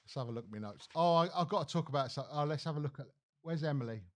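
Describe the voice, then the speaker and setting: Animated, blunt man ranting. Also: on the high side, rapid-fire. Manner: blunt, animated, swears freely. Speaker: live stream host. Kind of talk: casual opinion rant on a live stream.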